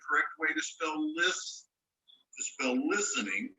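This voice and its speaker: A man's voice: on the high side, very animated, measured pace, creaky, sharp tone. A man teaching an online class, patiently explaining spelling rules step by step and spelling words out letter by letter. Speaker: ESL teacher. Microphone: video call microphone. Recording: roomy sound, mic at a distance.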